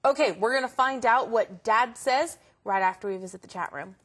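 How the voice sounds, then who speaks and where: A woman co-hosting a lesson, giving clear definitions of words. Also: on the high side, normal speed. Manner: clear definitions, steady explaining. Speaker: radio lesson co-host. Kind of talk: explaining vocabulary.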